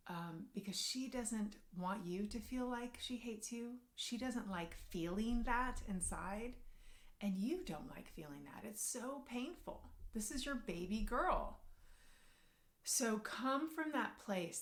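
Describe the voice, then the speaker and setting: A woman working as a parenting coach and social worker, speaking to camera and giving advice directly to parents in an earnest, gentle way. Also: medium pitch.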